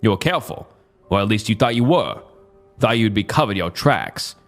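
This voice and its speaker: A man voicing a cruel masked male cult leader with a put-on Southern accent, speaking with quiet, level malice. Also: on the low side, lively intonation, moderate pace, faint music behind. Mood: quiet menace.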